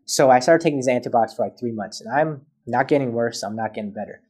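A man's voice: medium pitch, quick pace, a little mellow, husky. A man as a podcast guest, telling a personal story in casual chat and acting out both sides of past conversations.

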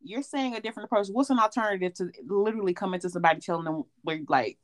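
Woman cohost venting about exes, animated and swearing, lots of little restarts. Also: medium pitch, very fast. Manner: animated, profane storytelling. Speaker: podcast co-host. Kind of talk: casual chat.

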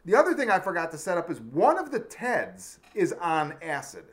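A man casually telling a wild story with lots of profanity, acting out the shouting cops along the way. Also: fairly high pitch, wildly swooping pitch, moderate pace.

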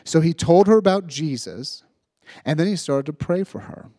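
A man preaching to young people, retelling a story with lively asides and checking in with "right?" as he goes. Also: on the high side, normal speed, no echo, clean studio sound. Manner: animated retelling, acting out voices, frequent "right?". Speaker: youth preacher. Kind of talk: storytelling sermon.

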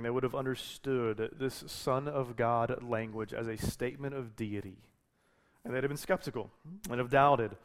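A man preaching a sermon as a pastor, talking in a conversational way with frequent restarts and self-corrections. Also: mid-range voice.

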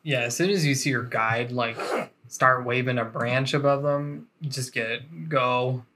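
Low-pitched woman chatting slowly, lots of "like", bit of hiss behind. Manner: relaxed, heavy use of "like". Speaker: podcast co-host. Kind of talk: casual chat.

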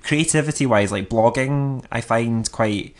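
A man co-hosting a podcast, chatting in an animated way, laughing often and using lots of fillers. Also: mid-range voice, a little slow. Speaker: podcast co-host. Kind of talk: casual chat.

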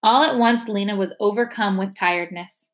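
A woman reading a novel chapter aloud, steady and expressive. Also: medium pitch, moderate pace. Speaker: reader.

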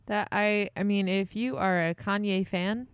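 A woman co-hosting a podcast, speaking unhurriedly in a smooth, clear voice. She drops playful, deadpan quips and restarts sentences as she thinks. Her voice is dry and close to the mic. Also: medium pitch, unhurried, no echo. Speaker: podcast co-host. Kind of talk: casual chat.

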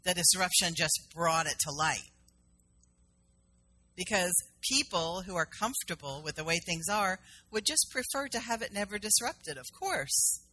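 A woman's voice: lowish voice, expressive, a little slow, bright, forceful tone. A middle-aged woman minister from South Carolina giving a sermon in a conversational storytelling manner, acting out the dialogue in her stories.

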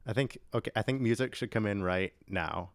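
A man co-hosting a podcast in casual chat, relaxed and agreeable, often trailing off into fillers. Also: lowish voice, fairly quick, no echo, soft background music. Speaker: podcast co-host.

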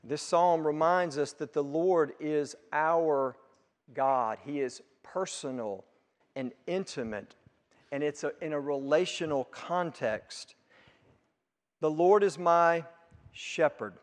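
A man with a high, light voice preaches slowly and deliberately, leaning hard into key words before sinking to a hush. His sermon rings through a church hall with a long, trailing reverb. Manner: emphatic, swells loud on key words then drops low. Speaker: pastor. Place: church sanctuary.

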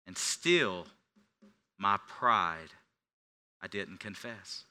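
A middle-aged male pastor preaching a sermon, swinging between quiet confession and loud, forceful preaching. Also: lowish voice, expressive, extremely slow, clean tone.

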